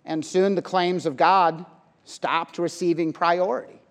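A man preaching an evening sermon in an earnest, explanatory way, often pausing on uh and um. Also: high voice, steady tone, fairly bright tone. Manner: earnest and explanatory, frequent uh and um fillers. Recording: reverberant hall recording.

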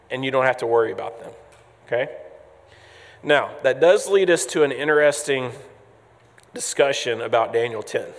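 A man's voice: mid-range voice, long reverb tail. A man preaching a conversational sermon as pastor, with frequent ums and restarts.

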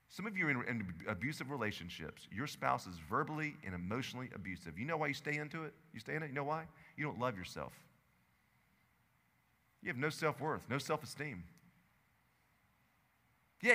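A man preaching a sermon as pastor, swinging between loud urgent stretches and low hushed lines. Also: long reverb tail. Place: church sanctuary.

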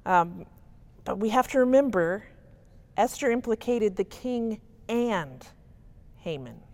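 A woman teaching a Bible study in a conversational, emphatic way, often checking in with her listeners. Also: medium pitch. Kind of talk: casual teaching talk.

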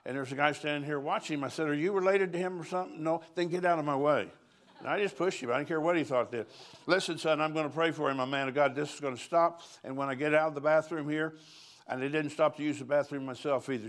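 An older man, a pastor, preaching at a conference in a folksy, storytelling way, chuckling between lines. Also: on the high side.

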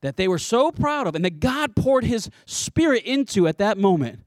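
A man preaching a sermon in an animated, conversational way, with playful asides. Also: sits high, normal speed, no room sound, clean studio sound. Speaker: pastor.

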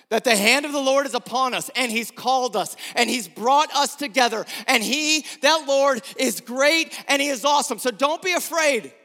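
Midwestern pastor, man, high bright ringing voice, fiery sermon delivery, reverberant church hall. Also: moderate pace, gravelly. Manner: impassioned preaching, urging the congregation to repeat lines. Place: small storefront church.

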